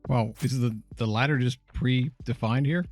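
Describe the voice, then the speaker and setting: A man's voice: mid-range voice, moderate pace, over music. A man co-hosting a game livestream who reads viewer comments aloud in casual talk.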